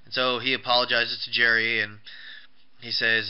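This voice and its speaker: A man rambles through a casual recap of a show, stumbling over restarts and fillers. His voice sits at an ordinary pitch and sounds smooth. The recording is muffled and lo-fi. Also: little pitch movement, normal speed. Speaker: wrestling show reviewer. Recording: dull lo-fi recording.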